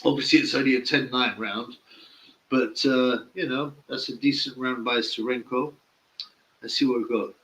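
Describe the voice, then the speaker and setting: A man's voice: mid-range voice, steady tone, normal speed, fairly bright tone, rough recording. A man giving casual live-stream boxing commentary, blunt, mocking and opinionated.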